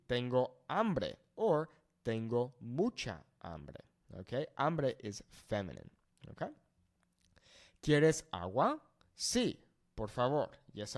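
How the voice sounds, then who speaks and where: A man teaches a language lesson in an animated, rising-and-falling voice. He explains patiently, trading English explanations with Spanish sample phrases. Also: medium pitch.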